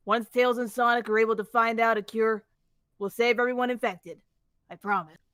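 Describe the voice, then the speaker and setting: A woman reading the lines of a female bird lieutenant in a fanfiction reading, gentle and reassuring. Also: fairly high pitch, steady tone, moderate pace, clear, resonant tone, dry recording, lightly acted.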